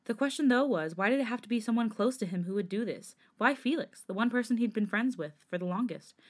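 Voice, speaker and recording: A woman podcast host reading fanfiction aloud at a steady, even storytelling pace. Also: on the high side, quick pace.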